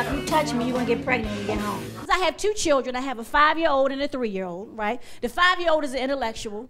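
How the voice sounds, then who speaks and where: A woman performing a stand-up comedy set on stage, talking straight to the crowd in a loud, animated way. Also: high voice, in a large hall. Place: comedy stage before a live audience. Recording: live crowd and room noise.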